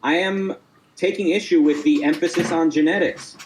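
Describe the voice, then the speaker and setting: A man argues his side in a casual debate call. He talks haltingly, stumbling over repeated words and restarting his sentences as he presses on. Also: fairly high pitch, fairly even intonation, darkish tone, a little hiss or hum, low-quality recording. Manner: hesitant, stammering, many restarts.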